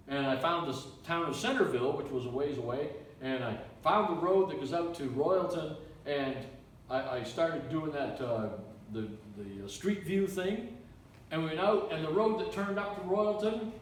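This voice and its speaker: Animated storytelling preacher in an echoey room. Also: male voice, a little high, slight background noise. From Canada. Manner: animated, repetitive storytelling with restarts. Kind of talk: sermon storytelling. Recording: echoey room, mic from far off.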